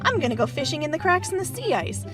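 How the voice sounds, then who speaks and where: A cheeky, boastful little girl with squealing exclamations, as a woman acts her out in a storybook retelling. The voice leaps high and swoops widely, full of bravado. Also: sing-song, fast talker, over music. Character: bold, boastful young Inuit girl.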